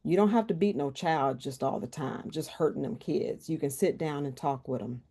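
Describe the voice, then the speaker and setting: Woman quoting a stern older grandma, low and mellow, talks straight. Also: lively intonation, normal speed, husky, exaggerated voice. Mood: firm. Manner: firm, plain-spoken.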